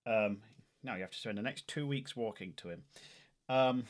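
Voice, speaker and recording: A man playing a tabletop game, animated and joking, often talking over himself. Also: medium pitch, normal speed. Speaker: player. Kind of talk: casual chat during a tabletop game.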